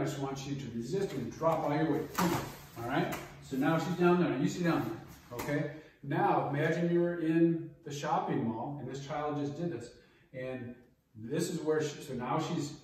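A man's voice: on the high side, darkish tone. Middle-aged male instructor in an echoey room. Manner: coaching, repeats key steps, brief checks like 'okay?' and 'all right?'. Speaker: martial arts instructor. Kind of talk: hands-on safety demonstration class. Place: large martial arts training room. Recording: very echoey room, distant mic, faint noise.

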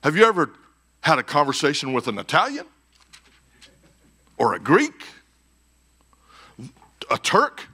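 A man preaching a conference sermon as pastor, swinging between shouted peaks and hushed, quiet passages. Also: a little high, wildly swooping pitch, unhurried, pauses often, breathy edge. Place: church conference stage.

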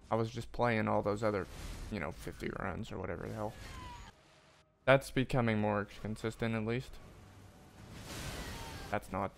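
A man's voice: on the low side, moderate pace, creaky, long pauses, a little hiss or hum. A man streaming a video game, muttering and swearing at it, with frustrated outbursts and jokes at his own expense. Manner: swears a lot, frustrated outbursts and self-mockery; mutters to himself between loud yelps. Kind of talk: live gameplay commentary.

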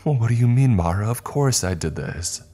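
A man's voice: mid-range voice, animated, normal speed, dark tone, soft background music, voice pushed up, natural voice. A man voicing a possessed teenage girl in a horror story, talking in an eerie sing-song. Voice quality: sing-songy. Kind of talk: scripted horror narration.

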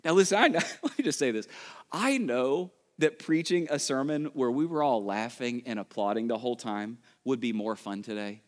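A male pastor preaching a sermon, telling a story with quick urgent bursts and slow, hushed emphasis. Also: medium pitch, expressive. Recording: long church hall reverb.

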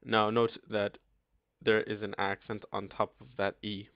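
Halting young man teaching slowly. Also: on the low side, flat delivery, no echo. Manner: halting, many ums and pauses. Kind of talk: casual language lesson. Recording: dull lo-fi dry recording.

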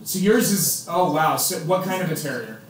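A man's voice: a little high, lively intonation, normal speed, a little hiss or hum. A man teaching a biology class, chatty and joking, quizzing his students as he explains. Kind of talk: classroom lecture. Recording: echoey classroom.

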